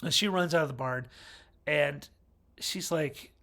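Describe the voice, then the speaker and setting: A man's voice: on the high side, measured pace, bright, forceful tone. A man giving a casual, rambling movie review with wry asides and frequent self-corrections. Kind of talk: casual film review monologue.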